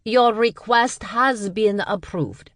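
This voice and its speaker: A woman doing a chirpy, high young assistant. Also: takes it slowly, no echo, studio quality, natural voice. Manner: bright, businesslike, calling out.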